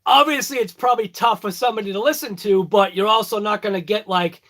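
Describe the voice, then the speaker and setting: Talking fast in a high-pitched, fairly bright voice, a Boston-area vlogger with a heavy local accent does a casual morning chat to his phone. He rambles, cracks jokes, and pokes fun at himself.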